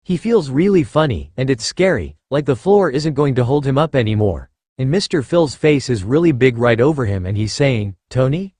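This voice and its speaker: A man reads a story aloud with a gentle, childlike cadence. His pitch moves in a lively, expressive way. The recording is dry and close, with no room echo. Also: moderate pace, few pauses, breathy edge. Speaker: narrator. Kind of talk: reading fan fiction aloud.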